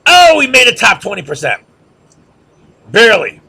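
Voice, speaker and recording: A man's voice: extremely high pitch, huge pitch swings, normal speed, creaky, sharp tone, husky. A man giving a rhetorical, sarcastic lecture, firing questions at listeners and mocking chants.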